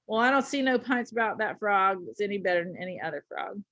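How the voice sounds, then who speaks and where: A woman reading aloud as a doubtful stranger who talks slowly and deliberately in a folksy dialect. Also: high-pitched, sing-song, slightly rough, highs cut off, voice pushed up, heavily acted. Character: deliberate doubtful stranger man at mining camp.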